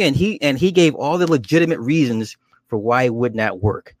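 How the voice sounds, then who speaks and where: Dude rambling through a show recap, repeats himself, curses, dry close mic. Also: male voice, medium pitch, normal speed, no echo. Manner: rambling, repeats words, swears. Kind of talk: casual chat.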